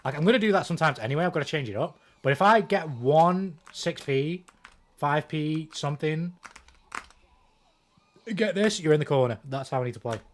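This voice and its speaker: Casual gaming streamer, male, slightly high voice, profane, talks himself through play. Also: animated, normal speed, a little hiss or hum. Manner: profane, thinks out loud, self-deprecating. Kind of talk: casual commentary while playing a fighting game.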